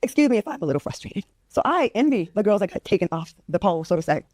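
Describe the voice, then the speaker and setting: A woman's voice: medium pitch, very animated, fast talker, darkish tone, no room sound, studio quality. A woman in her fifties from Rhode Island, ranting in exasperation and swearing in casual chat.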